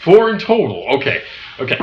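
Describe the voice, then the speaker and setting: A man co-hosts a laid-back film review podcast, his pitch swinging widely as he laughs and acts out scenes. The recording sounds echoey and a little dull, like a lo-fi home setup. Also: wildly swooping pitch, fairly quick, slight background noise. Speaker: podcast co-host. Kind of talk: casual film review chat.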